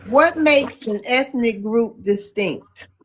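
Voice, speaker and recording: A woman's voice: a little high, lively intonation, slow pace, slight background noise. A woman hosting a live online debate, moderating casually and thanking viewers. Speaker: host.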